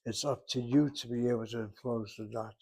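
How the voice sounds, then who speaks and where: A man teaching a grammar class at a middle pitch. He moves through each rule step by step and repeats the key terms so they stick. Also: steady tone, fairly quick, creaky, dark tone, breathy edge. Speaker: Hebrew teacher. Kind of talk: grammar lesson.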